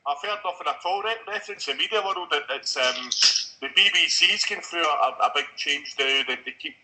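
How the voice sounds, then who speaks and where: A man's voice: on the high side, a little fast, pushed and bright, rough recording. A man in a casual podcast chat, telling stories and reading out quotes at length.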